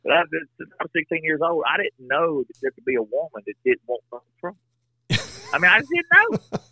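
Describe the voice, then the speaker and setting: A man's voice: fairly high pitch, wildly swooping pitch, fast, sharp tone, husky, no room sound. A man telling stories earnestly in a folksy, rambling way as a podcast guest. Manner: earnest, folksy, talks in restarts. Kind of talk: casual storytelling conversation. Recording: tinny phone-like line, dry.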